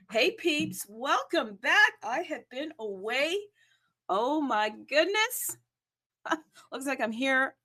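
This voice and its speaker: A woman's voice: sits high, pushed and bright. A woman hosting a solo crypto livestream, chatty and bubbly, rambling with lots of fillers and asides. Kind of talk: casual solo livestream chat.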